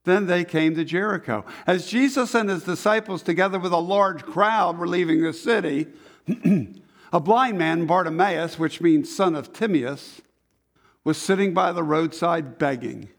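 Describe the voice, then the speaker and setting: A man's voice: high voice, unhurried. A man pastor reading a Bible passage aloud and acting out the characters' lines as he goes. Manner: dramatizes the story, putting on voices for the crowd. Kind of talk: animated scripture reading with acted voices.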